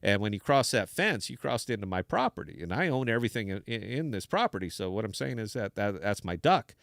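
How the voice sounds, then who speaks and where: A big, stubborn farmer with no neck lays down the law in a gruff, matter-of-fact voice, as a man puts him on for a joke. The tone is smooth and clear, with a dry, close sound. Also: fairly low pitch, sing-song, a little fast, fairly bright tone, no echo, voice pushed down, heavily acted. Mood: stern.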